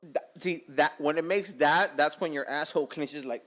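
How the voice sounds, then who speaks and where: A man from Miami telling a casual, profane story as podcast host, jumping from loud bursts to hushed asides. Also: fairly high pitch, brisk, long reverb tail.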